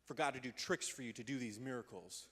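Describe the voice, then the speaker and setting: A man's voice: medium pitch, fast talker, slightly rough. A man preaching a casual youth sermon in a church, talking energetically and conversationally. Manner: energetic and conversational, acting out quotes in voices. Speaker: youth pastor. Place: church hall. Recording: long reverb of a large hall.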